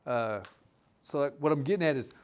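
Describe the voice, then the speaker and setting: A man teaching a live language class, explaining words in a relaxed, rambling way with many restarts. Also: mid-range voice, brisk, smooth.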